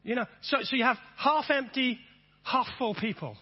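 A man preaching a sermon, repeating phrases and swinging from soft to emphatic. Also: extremely high pitch, moderate pace, breathy edge, highs cut off. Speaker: pastor.

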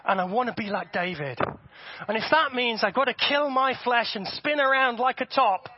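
High-voiced animated male preacher. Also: moderate pace, breathy edge. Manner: animated, repeats words, acts out voices for effect. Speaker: pastor. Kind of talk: sermon. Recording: dull, dry sound.

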